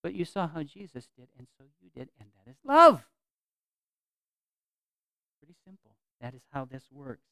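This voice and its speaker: A man preaching a sermon as pastor, earnest, repeating phrases for emphasis and swinging from loud to soft. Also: fairly high pitch, very animated, moderate pace, creaky, long pauses, no room sound.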